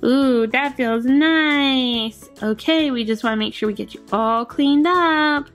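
A woman narrating toy play in a gentle, soothing, sing-song way. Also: high-pitched, slow, soft background music.

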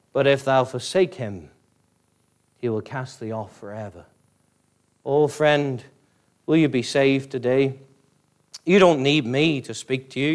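Pleading Northern Irish preacher, rising pitch. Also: male voice. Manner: pleading evangelistic preaching, climbing high on emphasis then dropping low. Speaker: pastor. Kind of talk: sermon. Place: church.

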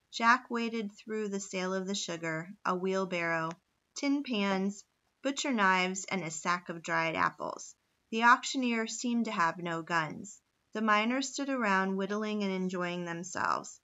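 A woman reading a children's novel aloud in a steady storytelling manner. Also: medium pitch, a little slow, highs cut off. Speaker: reader.

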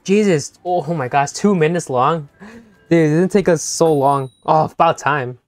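Young-adult streamer, live gaming chat, playful and teasing, mid-pitched voice, dry close sound. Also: normal speed, dry recording, faint music behind. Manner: playful, teasing, talks straight to chat, laughs often. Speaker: game streamer.

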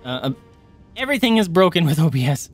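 Talking quickly in a fairly high voice, with faint music behind him, a man streams his gameplay live. He yelps and curses at enemies and chattily thanks viewers by name.

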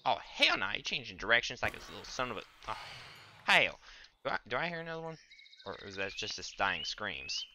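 A man's voice: fairly low pitch, big pitch swings, a little fast, a little hiss or hum. Stammering young man trash-talking his game. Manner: stammering, with frequent repeated words and restarts; trash-talks the game's monsters, loud bursts of exasperation. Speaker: streamer. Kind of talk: casual gaming commentary.

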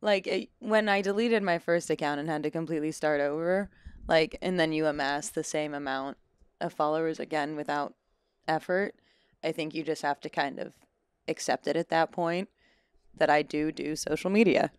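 A woman's voice: low voice, moderate pace, smooth, no room sound, clean studio sound. A woman in her twenties, a guest on a podcast, chatting casually with lots of fillers and self-deprecating asides. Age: 20s. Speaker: actor and guest. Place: Los Angeles.

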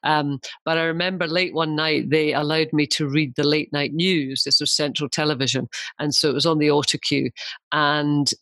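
A Scottish woman in her fifties, a broadcaster chatting candidly as a podcast guest and telling lively stories. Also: low voice, normal speed, no echo. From Scotland. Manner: candid, animated storyteller. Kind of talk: casual interview chat.

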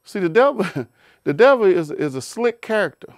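A man with a somewhat high voice, recorded close and dry with no room sound. He preaches in a loose, conversational way, repeats himself, restarts often, and asks his listeners pointed rhetorical questions. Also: big pitch swings, moderate pace, dry recording. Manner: repetitive, emphatic, with rhetorical questions and many restarts. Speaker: Bible teacher. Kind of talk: informal preaching talk.

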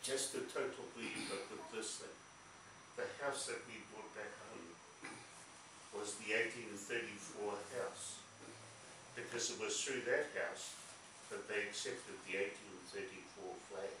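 A man's voice: fairly low pitch, fairly even intonation, a little slow. Polite New man cutting in. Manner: polite, cuts in briefly. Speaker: meeting participant. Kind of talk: polite interjections in a discussion. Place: large meeting hall. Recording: echoey room from far off, hiss.

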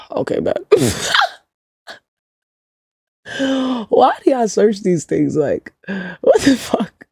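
A woman's voice: a little high, wildly swooping pitch, very slow, vocal fry, long pauses, darkish tone, breathy edge, no echo, clean studio sound. A young woman chatting casually to her livestream chat, slangy and swearing, often laughing in disbelief. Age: young adult. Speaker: streamer.

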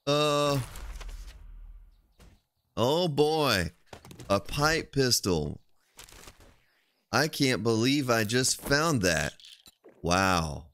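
A man's voice: mid-range voice, big pitch swings, very slow, long pauses, a bit bright, smooth. A man streaming a survival game live, chatting casually and playfully joking with his chat while he plays.

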